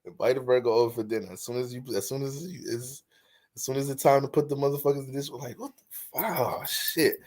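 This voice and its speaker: Speaking fast in a mid-range voice, this man offers relaxed astrology commentary. He's lively throughout, joking around, swearing without restraint, and laughing often.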